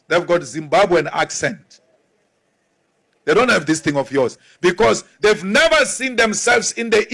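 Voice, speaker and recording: High-voiced politician. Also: male voice, fairly bright tone. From South Africa. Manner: emphatic, mocking, rousing. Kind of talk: political speech.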